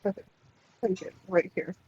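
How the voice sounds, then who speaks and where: A man's voice: normal speed, lo-fi sound, background noise. A man playing in a tabletop game, asking hesitant questions about his turn. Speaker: player. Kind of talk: casual chat in a tabletop game.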